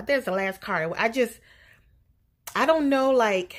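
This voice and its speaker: A woman's voice: fairly high pitch, expressive, takes it slowly. A woman vlogging in her neighborhood, gushing and emotional, close to tears. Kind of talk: casual vlog. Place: outdoors in a neighborhood street.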